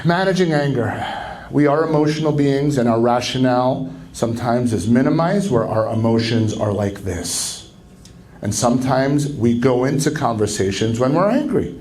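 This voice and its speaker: Male marriage counselor at a conference, mellow dark voice, lively lecture with acted-out quotes. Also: low-quality recording. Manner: animated, acts out quoted speech with sharp pitch jumps. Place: conference venue.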